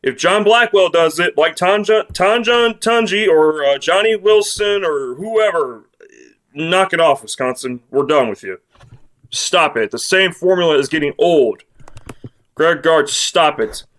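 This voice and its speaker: A man's voice: a little high, lively intonation, a little slow, fairly bright tone. A man giving casual basketball bracket predictions, blunt and sarcastic, ranting with frequent restarts and fillers. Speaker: sports commentator.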